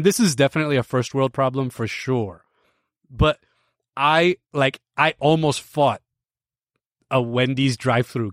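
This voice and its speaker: Animated American man, dry close mic. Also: a little high, no echo. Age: 30s. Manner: animated, restarts often, laughs while telling a story. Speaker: podcast host. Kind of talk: casual storytelling to a live stream audience.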